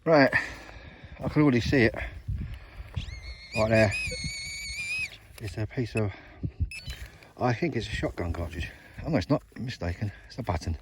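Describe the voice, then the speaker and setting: The middle-aged man, English West Country in accent, speaks at normal speed in a lowish voice with lively intonation, leaving long pauses. He chats casually to viewers, his mates and guys, while metal detecting in an open field, in a noisy outdoor recording.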